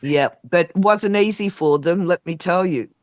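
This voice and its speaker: A woman's voice: on the low side, moderate pace, no room sound, lo-fi sound. A middle-aged Australian woman, a panel guest, rambling on in a chatty casual chat full of reminiscences.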